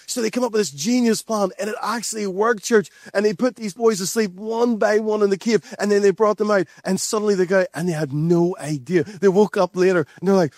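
A man's voice: high-pitched, fast talker, few pauses, a little mellow, no room sound, clean studio sound. A man preaching a sermon, speaking earnestly, repeating phrases and addressing the church directly. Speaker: pastor.

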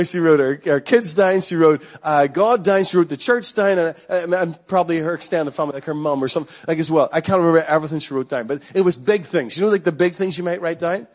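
Middle-aged male pastor, sermon delivery, earnest and emphatic, a touch high-pitched. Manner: earnest, emphatic, repeats key lines.

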